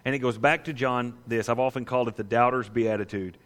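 A male pastor preaching a sermon with animated emphasis, his voice sitting at a middle pitch. A long reverb trails each phrase, as in a large sanctuary. He drives his points home with repeated rhetorical questions. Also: quick pace, few pauses.

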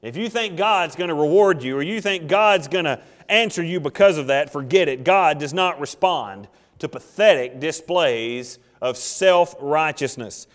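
A man's voice: a little high, a little slow, hardly any pauses, long reverb tail. A man preaching a sermon, telling stories with humor and acting out little scenes. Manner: animated, jokey storytelling with acted asides. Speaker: pastor.

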